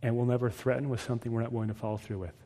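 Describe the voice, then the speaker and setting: A man voicing a calm, firm mother quietly questioning and teaching her young son. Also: mid-range voice, long reverb tail, pitched below the performer's own voice, natural voice. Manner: measured, quiet, instructive.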